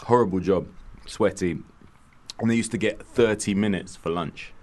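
Low-voiced man, animated storyteller. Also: moderate pace. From London. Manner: lively storyteller, laughs often, voices bursts of excitement. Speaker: radio co-host. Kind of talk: casual radio banter. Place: radio studio.

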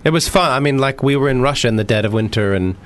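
An American man being interviewed on the radio as an actor guest, relaxed and joking as he talks. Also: medium pitch, quick pace. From United States. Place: radio studio.

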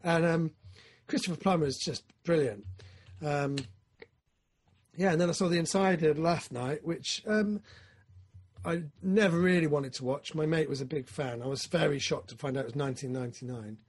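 Husky guy on a film podcast, kinda high voice, gets loud and excited then trails off mumbly. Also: moderate pace. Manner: excitable, swings from loud enthusiasm to low mumbling asides. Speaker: podcast co-host. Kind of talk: casual film chat.

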